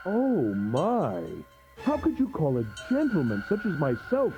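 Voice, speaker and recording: A creepy polite villain, taunting, voice swinging way up and down, muffled game audio with music. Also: male voice, high-pitched, huge pitch swings, a little slow, heavily acted. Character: sadistic gentlemanly male captor, cold and mocking.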